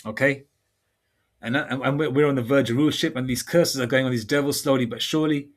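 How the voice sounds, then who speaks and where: A man giving an informal scripture teaching in a rambling, conversational way. He reads verses slowly and deliberately. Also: mid-range voice, fairly even intonation. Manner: rambling and conversational, full of fillers. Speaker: religious teacher.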